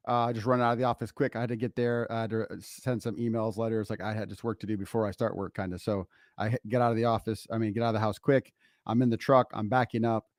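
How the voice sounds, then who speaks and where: A middle-aged man co-hosting a podcast, telling a story in a casual, animated way and laughing often, recorded on a close mic. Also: mid-range voice, no room sound. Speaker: podcast co-host, father.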